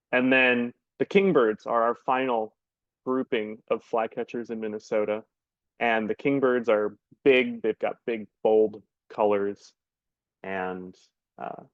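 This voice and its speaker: Man giving a relaxed bird lecture. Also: medium pitch, no echo. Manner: relaxed, frequent ums and uhs. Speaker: birding guide presenting. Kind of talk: casual slideshow lecture. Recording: dull, dry lo-fi sound.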